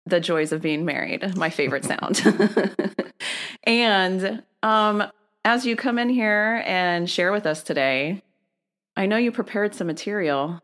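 A woman's voice: mid-range voice, unhurried, fairly bright tone. A woman hosting a casual podcast with her husband, cheerful and laughing often. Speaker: podcast host.

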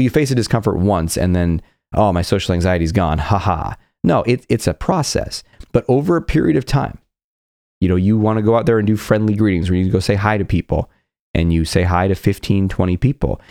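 A man's voice: fairly low pitch, a little mellow, no echo, studio quality. A man giving an earnest motivational talk as a confidence coach, often acting out people's inner voices.

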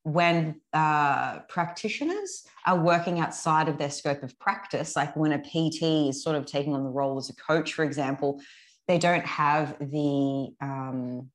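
Frank low-voiced woman podcast host. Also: unhurried. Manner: frank, laughing, swears freely. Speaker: podcast co-host, fitness coach. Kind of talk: casual chat.

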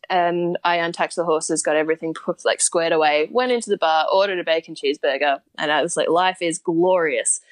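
A woman's voice: on the low side, no echo. A young Australian woman telling a story in a casual interview, chatty, with frequent laughs and fillers. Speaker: guest.

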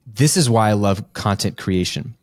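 A man's voice: fairly low pitch, expressive, moderate pace, no echo, studio quality. A man hosting a podcast interview, talking casually and enthusiastically with frequent restarts. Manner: enthusiastic, many restarts and fillers. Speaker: podcast host.

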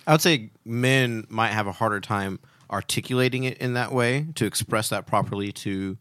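A man's voice: fairly low pitch, moderate pace, a bit bright, smooth, no room sound. A man co-hosting a podcast, playful and agreeable in casual chat. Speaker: podcast co-host.

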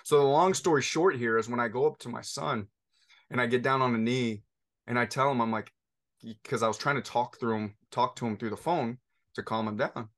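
A man's voice: medium pitch, brisk, fairly bright tone. Man telling a story with restarts. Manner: storytelling, many restarts and fillers. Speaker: podcast host. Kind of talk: conversational interview.

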